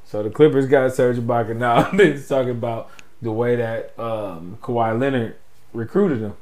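A man's voice: mid-range voice, normal speed, a little mellow. A man co-hosting a casual sports podcast, talking loosely and laughing often. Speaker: podcast co-host.

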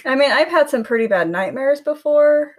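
A woman's voice: sits high, expressive, normal speed. A woman in casual chat who laughs often and answers with short reactions.

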